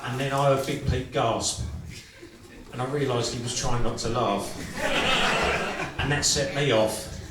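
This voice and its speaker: Male comic, stage storytelling, crude and dry, mid-pitched, live club, echoey and distant. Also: fairly even intonation, noisy background. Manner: crude and swearing, dry and unhurried. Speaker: comedian and singer. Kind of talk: stand-up storytelling. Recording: echoey club room from far off with music.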